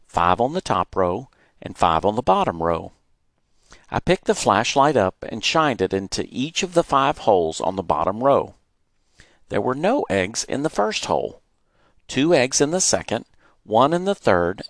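A man reading his childhood memoir aloud, animated and acting out the moments he retells. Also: mid-range voice, measured pace, no room sound, clean studio sound. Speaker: storyteller.

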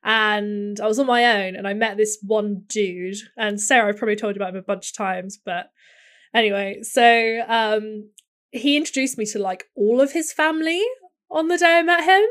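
A woman's voice: fairly high pitch, moderate pace, a bit bright. A young woman co-hosting a casual chat, telling a rambling story and laughing often.

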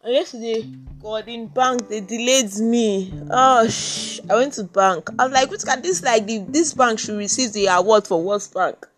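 A young Nigerian woman with a fairly high voice rambles through a casual solo podcast, dropping "like" between her thoughts. She has just woken up, and faint guitar music plays softly under her voice. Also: normal speed. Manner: chatty, rambling, fillers of "like". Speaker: podcast host.

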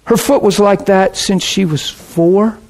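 A fairly high-voiced man preaching to a congregation. He tells a personal anecdote with lively, emotional energy and breaks into laughter now and then. His voice climbs easily as the story builds. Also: measured pace.

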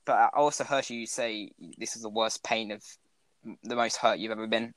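A man's voice: on the low side, steady tone, moderate pace, fairly bright tone, no echo. Rambling young man, dry sound. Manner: rambling, heavy use of "like" and "you know", laughs a lot. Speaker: podcast co-host. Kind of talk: casual chat.

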